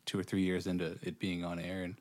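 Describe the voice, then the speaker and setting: A man's voice: deep voice, monotone, fast, darkish tone. A young adult man co-hosting a podcast, chatting casually and throwing in jokes. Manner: joking interjections. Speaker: podcast co-host. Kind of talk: casual chat.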